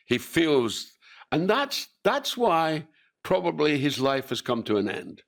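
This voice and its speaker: A man's voice: on the high side, big pitch swings, slow pace, creaky, a bit bright. An older man, an actor being interviewed, telling stories with lots of swearing and acted-out voices. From Scotland. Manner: swears freely, acts out quoted voices. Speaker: actor guest. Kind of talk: animated anecdotal interview.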